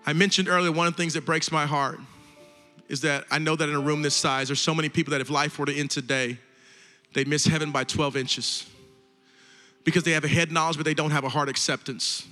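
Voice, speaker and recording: A man's voice: a little high, fairly even intonation, a little fast, bright, forceful tone. A man preaching an altar call as pastor, with fervent repeated exhortations, in a large church hall. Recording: long hall reverb, faint music.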